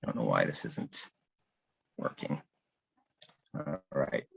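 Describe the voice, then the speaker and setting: A man's voice: extremely low pitch, expressive, slow pace, vocal fry, muffled recording, a little hiss or hum. A man giving a casual online presentation of a learning app, thinking aloud with frequent ums and restarts. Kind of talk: live online conference presentation.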